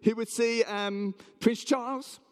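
A man's voice: extremely high pitch, steady tone, slow, smooth. A man preaching a sermon in a church hall, telling a story with animation and asking the audience questions.

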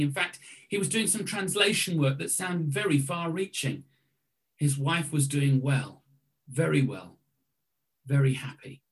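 A man with a somewhat high voice reads out a personal reflection he wrote for a devotional talk. He tells it as a reflective story, letting phrases fade almost to a hush before lifting into sudden loud emphasis. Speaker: speaker giving a devotional talk. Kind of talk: reading a written personal reflection aloud.

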